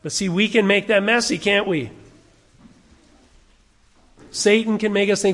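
A man's voice: high-pitched, fairly even intonation, measured pace, long pauses, fairly bright tone. An older man, a pastor preaching a sermon in a conversational way, asking the congregation questions. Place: church sanctuary. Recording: long reverb of a church hall.

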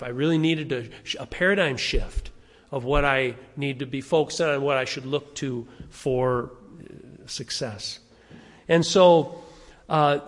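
An older man, a pastor preaching a sermon in a conversational way, asking the congregation questions. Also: a little high. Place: church sanctuary. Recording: long reverb of a church hall.

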